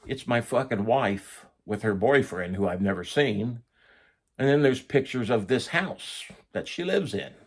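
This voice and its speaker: A man's voice: mid-range voice, animated, unhurried, slightly rough. A middle-aged man casually telling a profane first-person story, acting out the voices of the people he quotes. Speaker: storyteller recounting prison life.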